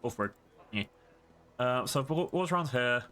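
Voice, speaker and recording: Bright-voiced man chatting while streaming a game. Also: medium pitch, expressive, moderate pace. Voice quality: rambling, chatty, laughs often. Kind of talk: casual livestream gaming commentary.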